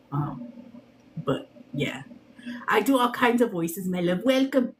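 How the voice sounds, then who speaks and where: A woman's voice: mid-range voice, expressive, slow, long pauses, a little hiss or hum. A woman whose first language is Spanish, chatting playfully and swearing freely as she hosts a tarot livestream, slipping into funny voices. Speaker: tarot reader livestream host. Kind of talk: casual livestream chat.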